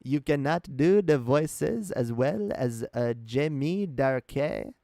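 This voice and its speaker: A man's voice: mid-range voice, expressive, slow pace, gravelly, mellow, no echo, clean studio sound. A man voicing a tough, edgy, swaggering young male persona who taunts and swears. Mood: cocky.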